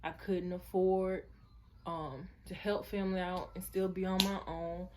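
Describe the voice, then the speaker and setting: A woman's voice: on the low side, level tone, unhurried, noisy background. A woman in her twenties telling her personal story in a vlog, chatty and earnest, talking straight to her viewers. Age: 20s. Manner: chatty, addresses viewers as y'all. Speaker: vlogger.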